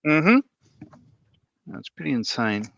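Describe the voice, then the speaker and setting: Man, gravelly voice, lively pitch, mutters to himself, dry lo-fi mic. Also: takes it slowly, a little hiss or hum. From Australia. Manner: chatty, mutters to himself while hunting for parts. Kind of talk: casual livestream chat.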